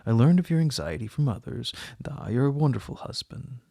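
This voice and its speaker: A sarcastic, fashionable society princess, as a male audiobook reader puts her on, speaking with affected, mocking politeness. The voice has a gravelly edge and a husky grain, heard close and dry. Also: mid-range voice, animated, fairly quick, warm tone, no room sound.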